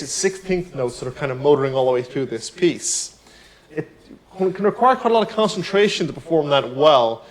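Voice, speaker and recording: A man giving a piano tutorial, explaining technique in a relaxed, explanatory way. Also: a little high, low-quality recording. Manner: relaxed, explanatory, counts beats aloud while playing. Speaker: piano teacher. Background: piano playing.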